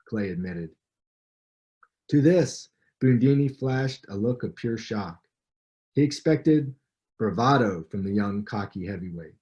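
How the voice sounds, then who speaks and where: Mellow-voiced man reading aloud. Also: mid-range voice, moderate pace, lo-fi sound. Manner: conversational, storytelling delivery. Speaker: author. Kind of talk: reading his book aloud with commentary.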